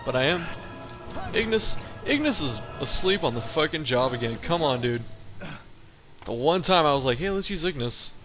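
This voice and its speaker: A man's voice: a little high, expressive, normal speed, pauses often. A man giving casual gameplay commentary as a let's play host, chatty and profane, humming to himself while he fights. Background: game music.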